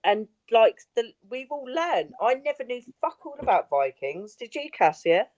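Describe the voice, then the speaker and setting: A woman's voice: a little high, big pitch swings, normal speed, no echo. Chatty woman on a live stream, dry close sound. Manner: chatty, warm about friends, swears casually. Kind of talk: casual chat.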